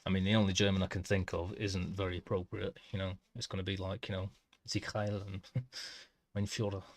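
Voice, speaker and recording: A man streaming a game, casually trying out foreign phrases haltingly and chuckling at himself. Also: low voice, flat delivery. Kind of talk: casual live-stream chat.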